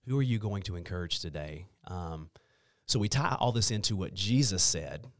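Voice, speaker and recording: A man's voice: deep voice, expressive, moderate pace, dry recording, studio quality. A man speaking as a podcast guest, earnest and emphatic as he talks about faith and mission. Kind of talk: casual conversation about faith.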